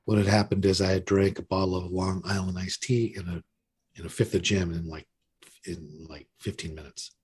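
Man in his fifties, deep voice, very husky, candid recovery story, self-mocking. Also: steady tone, normal speed, a little mellow. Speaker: podcast guest. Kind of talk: recovery story told in casual conversation.

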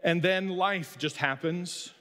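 A man's voice: high voice, slow pace, pushed and bright. A middle-aged man, a pastor and coach, preaching a sermon in a folksy, storytelling, self-deprecating way. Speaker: pastor and high school coach. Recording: long hall reverb.

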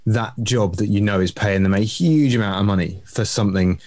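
Guy guesting on a podcast, dry close sound, thinks out loud, lots of "isn't it". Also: fairly low pitch, fairly quick, dry recording. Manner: reflective, ends points with tag questions. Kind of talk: casual business podcast chat.

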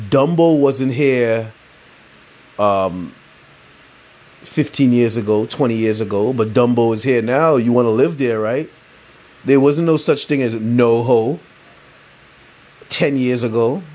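Slow-talking laid-back New man. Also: mid-range voice, darkish tone. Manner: laid-back, rambling, laughs often, slangy. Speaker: podcast host. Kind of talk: casual solo sports talk.

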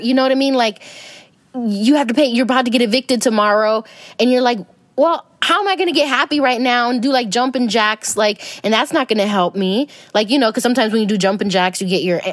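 A woman's voice: on the high side, no room sound. A young adult woman hosting a podcast, talking casually about self-help and spirituality in a rambling way with many fillers. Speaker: podcast host.

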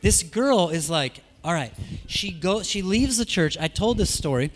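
A man preaching a sermon in a church, telling stories in a casual, conversational way, shifting from soft asides to loud emphatic peaks. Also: high voice, animated, measured pace, a little hiss or hum. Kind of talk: sermon with storytelling.

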